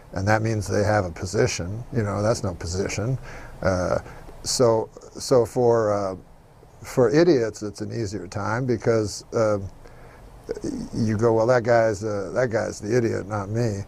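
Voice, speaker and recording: A man talking casually in an interview, halting with many fillers. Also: on the low side, steady tone, vocal fry, darkish tone, a little hiss or hum. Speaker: guest.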